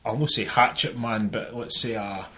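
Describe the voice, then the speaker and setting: A man with a Scottish accent, co-hosting a casual football podcast, animated and laughing often, with the odd swear word. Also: on the low side, moderate pace, slight background noise. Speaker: podcast co-host.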